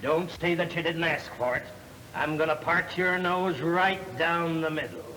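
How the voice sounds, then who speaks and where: An actor playing a tough gangster in a 1930s film comedy, threatening and full of gruff slang. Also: male voice, a little high, a little slow, bright, forceful tone, a little hiss or hum, rough recording. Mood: menacing. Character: tough gangster customer demanding money.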